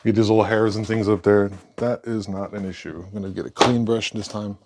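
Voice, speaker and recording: A man giving a casual painting lesson, relaxed and thinking aloud as he works. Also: lowish voice, a little fast, a little hiss or hum. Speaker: painting instructor.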